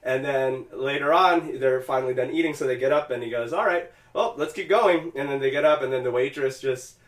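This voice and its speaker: A man's voice: medium pitch, fairly even intonation, a little fast, echoey room, recorded from a distance. A man co-hosting a podcast, casually retelling a game scene and acting out the characters' lines, swearing freely. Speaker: podcast co-host.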